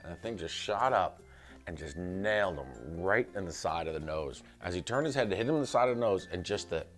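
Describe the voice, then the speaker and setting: Man, deep low voice, middle-aged, casual storytelling, lively quoted bits, faint music underneath. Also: brisk. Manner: animated storyteller who acts out quotes and laughs. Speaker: son telling a family story. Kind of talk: casual anecdote.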